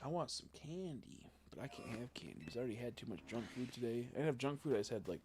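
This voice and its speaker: A young man with a medium-pitched, expressive voice talks very fast over background noise. He's streaming a game and chatting casually and ramblingly, swearing freely and tossing in jokey asides.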